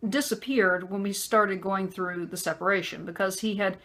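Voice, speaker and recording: A woman telling a personal story in a conversational vlog, with many fillers and pauses. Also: mid-range voice, fairly even intonation, a bit bright. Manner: acts out a harsh man's voice in quotes. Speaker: vlogger.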